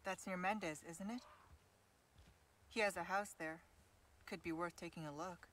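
A woman's voice: lowish voice, fairly even intonation, moderate pace, a bit bright, a little hiss or hum, close to an everyday voice. An actress playing a cool female spy in a game, speaking with dry, teasing understatement. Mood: wry.

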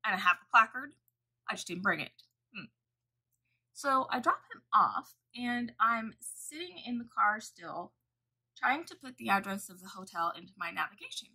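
Bright, husky-voiced chatty woman. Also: fairly high pitch, expressive, normal speed, low-quality recording. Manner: chatty, profane storytelling. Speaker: makeup vlogger. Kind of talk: casual makeup tutorial chat.

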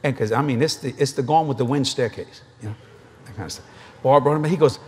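A middle-aged man preaching a sermon at a convention, an animated, joking storyteller. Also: mid-range voice, fast, slight background noise.

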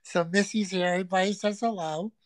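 A woman's voice: mid-range voice, fairly even intonation, a little fast, no echo. A woman hosting a casual livestream from a friend's home, teasing and swearing through crude, brash banter. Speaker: livestream host.

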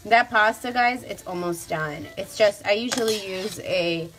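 A woman's voice: mid-range voice, a little slow, over music. A young adult woman hosting a live cooking demonstration, chatty and upbeat, talking straight to her viewers. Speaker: cooking show host.

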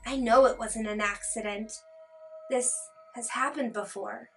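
A woman voicing a worried middle-aged mother who speaks quietly and guardedly. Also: a little high, steady tone, a little slow, recorded from a distance, faint music behind.

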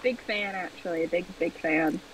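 A woman streamer chatting casually over a game, joking in a playful, deadpan way. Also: on the low side, moderate pace, distant mic, background noise. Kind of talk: casual gameplay chat.

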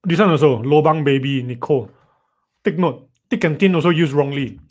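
Teaching a live online writing lesson, a male tutor reads his students' sentences aloud and playfully teases them. His voice is a little high and a little fast.

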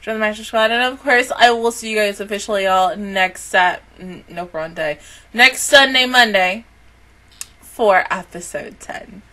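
A woman's voice: medium pitch, measured pace, sharp tone. A young woman hosting an anime reaction channel, talking casually and emotionally, swearing often as she reacts.

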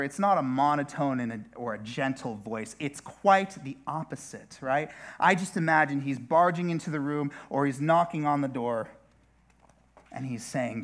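A man's voice: mid-range voice, moderate pace, fairly bright tone. A male pastor preaching a sermon in a chatty way, turning often to the listeners with asides. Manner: conversational, with repeated asides to the listeners.

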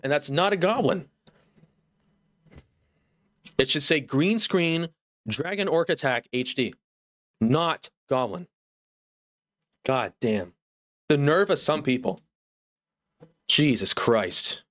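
A man's voice: fairly high pitch, lively intonation, slow pace, long pauses, fairly bright tone, no room sound, clean studio sound. Exasperated young man ranting on stream. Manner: mock-outraged, exasperated ranting. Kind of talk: live stream rant.

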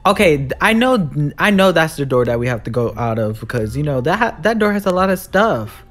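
Sing-song, brisk, and fairly bright, the mid-range voice narrates a horror game live. The gamer is jumpy and sassy, letting out frightened shrieks and repeated exclamations while sassing the villain.

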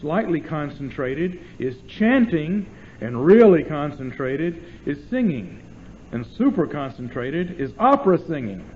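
A man giving an informal theology lecture to an audience, lively and demonstrative, often checking in with questions to his listeners. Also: fairly high pitch, unhurried, lo-fi sound, a little hiss or hum.

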